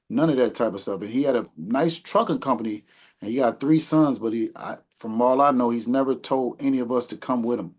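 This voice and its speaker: Earnest reflective man in his forties. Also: mid-range voice. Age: 40s. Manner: earnest, reflective, drops quieter at the ends. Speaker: podcast guest, community mentor. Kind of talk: casual conversation.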